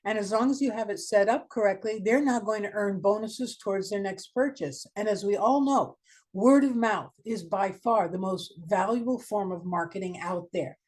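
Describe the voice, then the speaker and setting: Woman presenter for a small-business webinar, direct and emphatic, mid-pitched voice, peppers the talk with rhetorical questions. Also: moderate pace, darkish tone. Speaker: marketing consultant, guest speaker.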